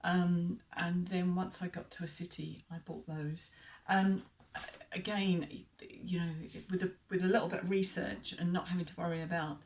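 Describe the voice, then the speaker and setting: A woman's voice: fairly low pitch, steady tone, normal speed, a little mellow. A woman travel vlogger talking casually to camera, hesitant with many ums and chatty asides. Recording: distant mic.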